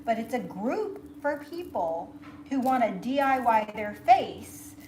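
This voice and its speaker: A woman's voice: on the high side, sing-song, slow pace, noisy background. A woman hosting a live crafting show, chatting casually and laughing often as she works. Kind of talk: casual chat while crafting.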